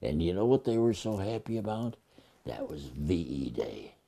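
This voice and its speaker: Old veteran guy telling war stories, deep dark gravelly voice, stops and restarts a lot. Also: big pitch swings. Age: older. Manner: halting, with frequent restarts. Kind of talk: recounting memories in an interview.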